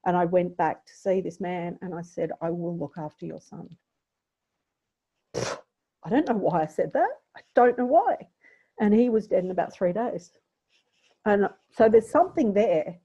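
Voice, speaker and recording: A woman's voice: medium pitch, expressive, moderate pace, mellow, husky. A middle-aged woman with an Australian accent, a podcast guest telling a personal story in a candid, reflective way. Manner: candid, reflective, emotional at times. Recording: dull lo-fi audio.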